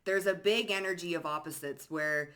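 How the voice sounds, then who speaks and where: A woman giving a psychic card reading to the viewer, animated and laughing often, calling listeners honey and swearing freely. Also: fairly low pitch, moderate pace. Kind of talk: tarot reading to camera.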